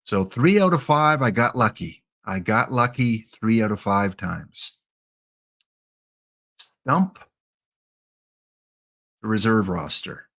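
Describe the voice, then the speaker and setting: A man's voice: lowish voice, lively intonation, slow pace, long pauses, fairly bright tone. A man doing live-streamed commentary over a baseball sim, muttering to himself and talking to the players on screen as he picks them.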